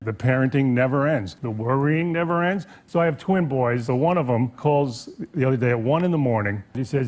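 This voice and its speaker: A man in his sixties telling self-deprecating family stories as a talk-show guest, deadpan with mock exasperation. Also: mid-range voice, fairly quick, hardly any pauses. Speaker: comedian guest on talk shows. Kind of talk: comic storytelling on a talk show.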